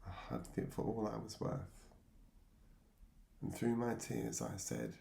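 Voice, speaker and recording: A man's voice: on the low side, big pitch swings, unhurried, creaky, pauses often, dark tone, echoey room. An English man, middle-aged, telling his own life story in a reflective, wry way and chuckling at himself. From England. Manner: reflective, wry, laughs at himself, acts out voices from memory. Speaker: memoir narrator. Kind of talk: personal storytelling.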